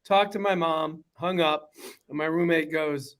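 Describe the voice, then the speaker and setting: A man with a New York accent, a documentary director talking as a guest on a video call, animated and joking. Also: on the high side, a little slow, a little hiss or hum. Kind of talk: casual video-call interview.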